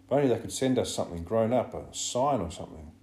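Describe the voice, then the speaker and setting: A frustrated boy leader bursts out in exasperation, voiced by a man lifting his low voice. The audiobook sounds roomy. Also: lively intonation, fast talker, a little mellow, natural voice. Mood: desperate. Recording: roomy echo.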